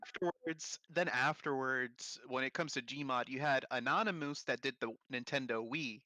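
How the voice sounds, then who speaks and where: A man's voice: mid-range voice, moderate pace, pushed and bright, dry recording. Young man rambling in casual chat. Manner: rambling, jokey, laughs often, crude. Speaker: streamer host.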